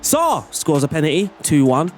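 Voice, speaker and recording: Excitable high-voiced gaming commentator. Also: male voice, moderate pace, soft background music. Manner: animated, laughing, playful play-by-play. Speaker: gaming YouTuber. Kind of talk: excitable football game commentary.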